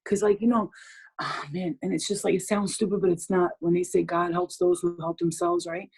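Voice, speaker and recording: A woman's voice: lowish voice, fairly even intonation, a little fast, darkish tone, husky, low-quality recording. A woman hosting a group video call, giving blunt advice in casual chat, swearing freely and laughing often.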